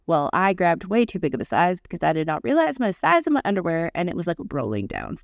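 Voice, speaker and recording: A woman's voice: on the low side, big pitch swings, quick pace, creaky, hardly any pauses, no room sound, studio quality. A woman in her thirties, co-hosting a podcast, telling a frank personal story in casual chat and swearing freely. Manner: candid, swears freely, acts out voices in anecdotes. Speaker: podcast co-host.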